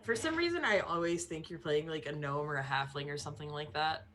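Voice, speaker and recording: Bright-voiced chatty woman player. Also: low-pitched, brisk, a little hiss or hum. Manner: chatty, lots of "like" fillers. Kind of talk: tabletop game chat.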